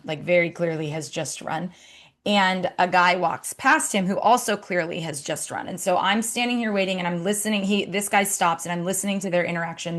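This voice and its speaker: Woman speaker, low-ish voice, relaxed sermon storytelling, loose and chatty, lots of fillers. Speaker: speaker at a campus ministry gathering.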